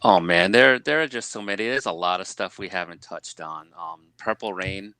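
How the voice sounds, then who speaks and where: A man on a movie discussion panel, talking casually and pausing to recall names. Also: low-pitched, a crowd in the background.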